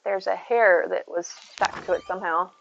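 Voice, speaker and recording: A woman's voice: medium pitch, steady tone, moderate pace, creaky, highs cut off. A woman streaming from home, chatting casually and rambling to her viewers, reading and answering their messages by name. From United States. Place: home, indoors.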